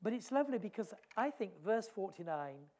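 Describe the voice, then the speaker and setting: A man preaching a sermon, earnest, often dropping his voice softly for emphasis. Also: high voice, sing-song, a little fast. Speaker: evangelist preacher. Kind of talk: sermon with storytelling.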